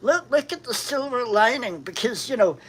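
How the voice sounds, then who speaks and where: A woman's voice: on the high side, expressive, moderate pace, breathy edge, poor audio. A woman giving a crude, rambling comic monologue, slipping into quoted voices.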